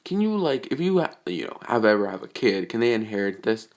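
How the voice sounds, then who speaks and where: A weary male teacher with a fairly low voice, dry and questioning, as a man puts him on in a casual retelling. He probes with curious, clipped questions. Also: sing-song, brisk.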